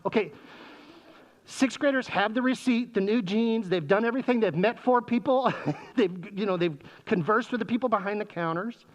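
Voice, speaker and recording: A man's voice: high-pitched, normal speed, dull audio. A man giving a humorous talk to parents, speaking through a face mask and often quizzing the audience with questions. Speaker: presenter speaking to parents, former sixth grade teacher.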